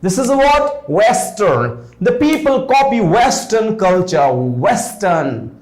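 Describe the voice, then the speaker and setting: A man's voice: high-pitched, slow pace, reverberant, faint music behind. A man with an Indian English accent teaching spoken English, drilling words through repeated example sentences and switching into Hindi now and then. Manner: repetitive, animated drilling, mixing in Hindi.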